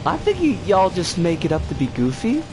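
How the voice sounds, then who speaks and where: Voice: mid-range voice, huge pitch swings, brisk, noisy background. A streamer giving live gameplay commentary, swearing in exasperated outbursts. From United States. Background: game music.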